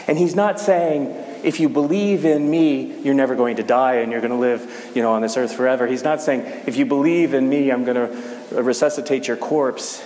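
A man preaching a casual sermon, talking in a conversational, halting way with frequent restarts. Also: medium pitch, fairly even intonation, darkish tone. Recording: echoey hall with faint hiss.

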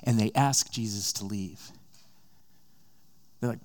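A man's voice: on the low side, takes it slowly, long pauses, a little mellow. A man preaching a sermon, retelling a story in a casual, conversational way and acting out the characters' lines.

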